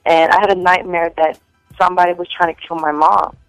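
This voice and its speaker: A woman telling rambling stories in a casual chat, full of "like" fillers and animated quotes of other people. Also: fairly low pitch, fairly quick, smooth, dry recording, faint music behind, low-quality recording.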